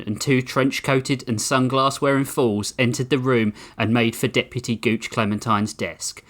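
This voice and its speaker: A man reading his comic story aloud on a podcast, animated and laughing as he does character voices. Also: medium pitch.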